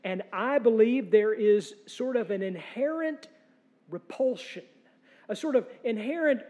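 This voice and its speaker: A man's voice: extremely high pitch, expressive, measured pace, a little mellow, in a large hall. A man preaching a sermon as pastor, earnest and emphatic, with rhetorical questions and dry humor. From United States.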